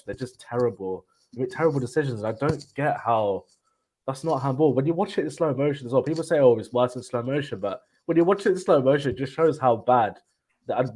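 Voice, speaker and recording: A man's voice: medium pitch, darkish tone, rough recording. A man appearing as a guest on a live stream, talking casually and with frustration. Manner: frustrated, casual, lots of fillers. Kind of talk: casual chat.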